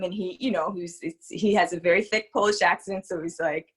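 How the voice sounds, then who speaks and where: A woman speaking as an interview guest and spiritual psychologist, talking candidly in a reflective, hesitant way with many pauses. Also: fairly low pitch, fairly even intonation, breathy edge.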